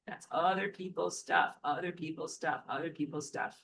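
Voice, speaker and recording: A woman's voice: deep voice, normal speed, vocal fry, background noise. A woman giving a casual, chatty lecture while she draws on a whiteboard. She thinks aloud, jokes and corrects herself as she goes. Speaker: spiritual teacher.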